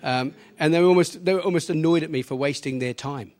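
Kiwi bloke telling his story at church, plain and easygoing, slightly higher voice. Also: quick pace, a little mellow. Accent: New Zealand. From New Zealand. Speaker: church member giving testimony. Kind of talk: personal testimony.

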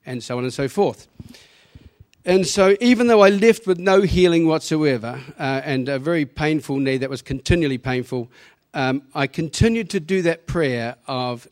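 A man's voice: mid-range voice, normal speed. A man from New Zealand with a New Zealand accent, telling his story plainly to a church congregation. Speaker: church member giving testimony. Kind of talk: personal testimony.

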